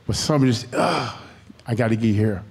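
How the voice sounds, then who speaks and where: A man from the congregation giving a personal testimony in animated, colloquial storytelling. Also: medium pitch, a little fast, vocal fry, breathy edge. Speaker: congregation member.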